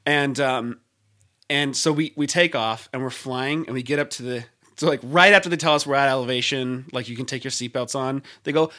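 A man's voice: mid-range voice, fairly quick. A man on a podcast telling a travel story in casual chat, acting out the people he quotes. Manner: animated, acts out quotes with big voice jumps. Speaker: podcast co-host.

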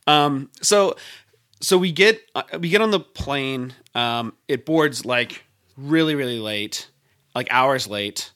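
A man chatting casually and telling a travel story, animated and laughing often. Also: medium pitch, slow pace. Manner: animated, laughs often, puts on voices for quotes.

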